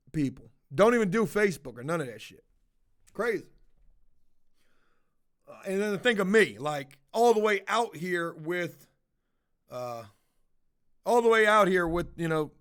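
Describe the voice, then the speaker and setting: High-voiced man telling a profane story. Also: expressive, unhurried, pauses often, a bit bright, smooth. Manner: profane, conversational, retells dialogue with many fillers. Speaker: vlogger telling a personal story. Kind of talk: casual storytelling monologue.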